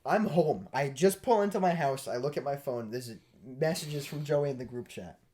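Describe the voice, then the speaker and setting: A young man co-hosting a podcast, telling a story in a casual, animated way and laughing as he goes. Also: mid-range voice, moderate pace. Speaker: podcast co-host.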